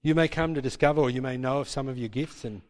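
A man's voice: medium pitch, fast. A man preaching a sermon as pastor, emphatic and repeating his points with tag questions. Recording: long hall reverb.

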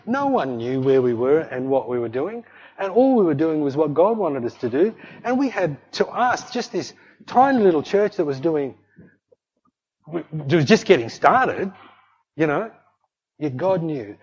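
Pastor, male, husky voice, lively storyteller in a sermon, dull lo-fi recording. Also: on the high side. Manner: animated storyteller acting out dialogue.

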